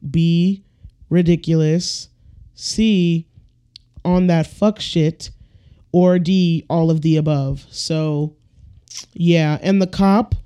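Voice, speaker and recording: A woman hosting a solo podcast, talking bluntly and profanely in an animated rant. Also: fairly low pitch, clean tone. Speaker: podcast host. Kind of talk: casual solo podcast monologue.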